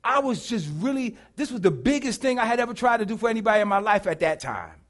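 A middle-aged man preaching a sermon, telling a story dramatically and swinging from hushed to shouting. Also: high voice, very animated, fast, hardly any pauses.

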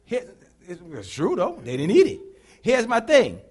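A pastor preaching with call-and-response, animated and bursting into shouts. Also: male voice, sits high, normal speed, breathy edge. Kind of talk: sermon.

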